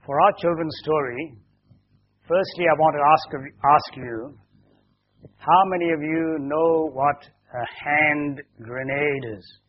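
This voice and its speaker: A man, a pastor, telling a children's story during a service, slowly explaining and asking the children questions as he goes. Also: fairly high pitch. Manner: slow and explanatory. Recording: dull lo-fi recording.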